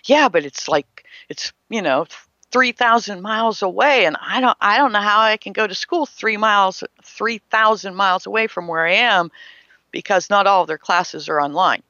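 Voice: mid-range voice, normal speed, pushed and bright, no room sound. A spiritual teacher giving an emphatic motivational talk, asking rhetorical questions and acting out imagined people. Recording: slightly muffled, dry.

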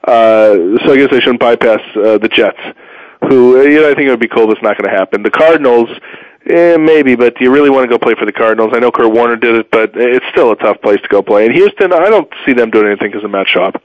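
A man hosting a solo sports talk show, opinionated and rambling, with sudden pitch jumps and a tired edge. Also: fast talker, no echo. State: tired, low energy. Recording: dull muffled dry sound.

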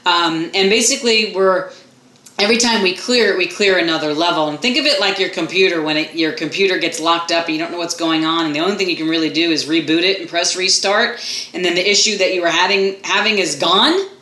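Woman talk radio host, bright and effusive, roomy echoey sound. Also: lowish voice, brisk. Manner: enthusiastic, animated, chatty. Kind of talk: casual talk radio chat.

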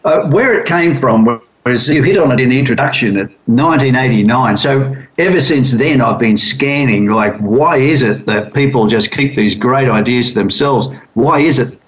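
A man speaking as a guest on a business radio interview, explaining his ideas in a thoughtful, halting way with many fillers. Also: mid-range voice. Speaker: guest, business consultant and author. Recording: dull lo-fi radio recording.

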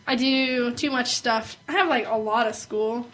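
Bright high-voiced young woman, chatty. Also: a little slow, low-quality recording. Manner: chatty, animated storytelling with mimicked quotes. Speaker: co-host. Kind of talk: casual chat.

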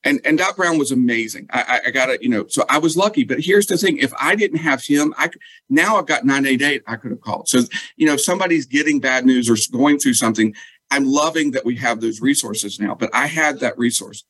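A man, a guest telling a personal story in lively, casual talk and acting out what others said. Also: medium pitch, brisk, husky, dry recording, rough recording. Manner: animated, acts out quoted dialogue.

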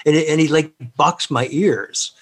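A middle-aged man speaking as a guest in a relaxed interview. His voice sits a little high for a man, and he rambles through his stories with lots of fillers and "you know"s. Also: measured pace, husky. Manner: rambling, chatty, with many fillers and laughs. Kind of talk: casual storytelling interview.

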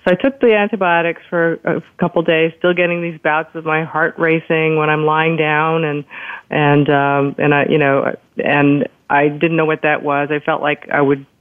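A woman telling a personal story in a casual, lively way, acting out the people she quotes. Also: low-pitched, moderate pace, dry recording. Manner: lively retelling, acts out quoted doctors. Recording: tinny phone-line sound.

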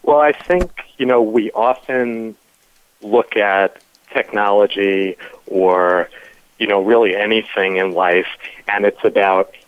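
A man's voice: fairly low pitch, slow pace, clear, resonant tone, no echo, phone-quality sound. A man on a panel, speaking thoughtfully over a remote call. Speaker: panel guest. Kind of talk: panel discussion.

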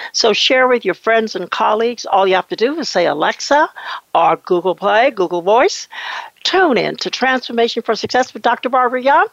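A woman's voice: medium pitch, gravelly, a bit bright, no echo. A woman hosting a radio-style podcast, talking enthusiastically and heaping praise on her guest. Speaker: podcast host. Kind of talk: radio talk show hosting. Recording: dull lo-fi dry sound.

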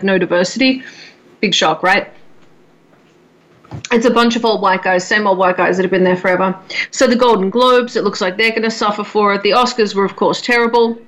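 Aussie woman chatting on a podcast, kinda high voice, opinionated and teasing. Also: fairly bright tone. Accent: Australian. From Australia. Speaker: podcast co-host. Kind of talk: casual chat.

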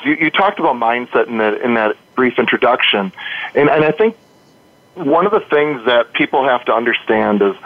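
In an interview, a man speaking as a life coach earnestly recounts a client's story, using lots of rhetorical questions and repeated words. His voice is medium-pitched with no echo, and the sound is narrow, like a phone.

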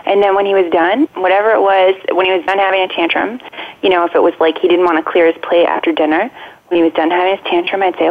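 A woman who is an adoptive parent, a guest on a radio talk show, speaking gently and practically over a phone line. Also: lowish voice, fairly even intonation, fast. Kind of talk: casual radio interview. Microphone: phone call.

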